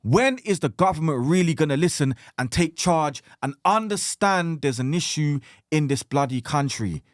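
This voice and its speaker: Fervent man, lively high voice. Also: normal speed, no echo, studio quality. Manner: fervent, preachy, openly emotional. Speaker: podcast guest, musician. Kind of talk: impassioned podcast talk.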